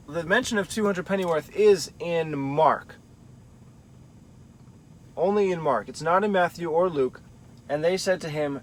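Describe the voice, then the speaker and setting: Guy with a slightly high voice walking thru a bible study, thinking out loud. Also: animated, a little slow. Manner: thinking aloud, weighing options carefully. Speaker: Bible teacher. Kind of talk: explanatory Bible study talk.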